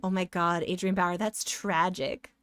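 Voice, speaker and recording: A woman's voice: lowish voice, little pitch movement, a little slow, a bit bright, smooth, no room sound. A woman streamer chatting playfully and sassily with her viewers while she draws, giggling often. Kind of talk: casual live-stream chat while drawing.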